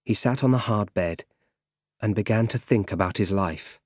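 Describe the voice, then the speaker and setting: A man narrating an audiobook in slow, plain storytelling. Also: lowish voice, no room sound, studio quality.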